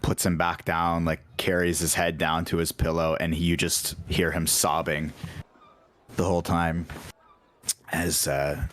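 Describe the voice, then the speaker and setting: A man's voice: low-pitched, flat delivery, unhurried, a bit bright, no echo. A man running a tabletop game as dungeon master, narrating loosely with lots of fillers over an online voice call.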